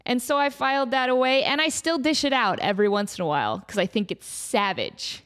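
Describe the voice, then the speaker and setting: A woman hosting a comedic solo podcast, telling a rambling, animated story with lots of fillers. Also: on the high side, brisk, clear, resonant tone. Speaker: podcast host.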